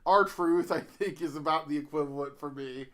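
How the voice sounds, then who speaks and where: Rambling man, slightly high voice. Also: a bit bright. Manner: rambling, halting, self-interrupting. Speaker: podcast co-host. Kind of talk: casual podcast chat.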